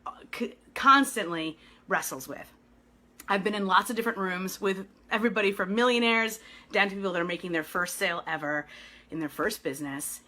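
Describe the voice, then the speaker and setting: A middle-aged woman coaching business owners live, animated and encouraging, often laughing. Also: mid-range voice. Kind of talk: live video coaching talk.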